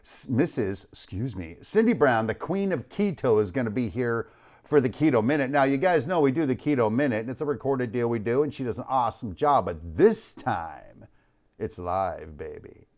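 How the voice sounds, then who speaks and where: Hyped host with a lively swinging voice. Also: male voice, normal speed. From United States. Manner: hyped, playful, shouts out chat names, trails off low. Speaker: host of a live online show. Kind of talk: energetic live-stream chat. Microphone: studio mic.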